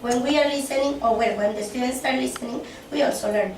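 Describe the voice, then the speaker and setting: A woman with a high voice talks fast as she presents a workshop, quizzing participants and often asking "okay?" or "yes?". A room mic far away captures her in an echoey classroom, with faint noise.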